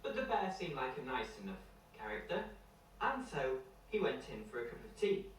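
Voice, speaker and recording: Male storyteller, playful bedtime narration, distant mic, faint background hiss. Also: mid-range voice. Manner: slow, lively, playful. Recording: echoey room from far off, faint noise.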